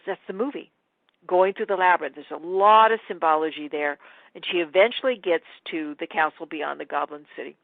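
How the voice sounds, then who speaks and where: A woman teaching in a webinar, an animated storyteller who acts out the quotes. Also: sits low, no echo, phone-quality sound. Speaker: spiritual teacher.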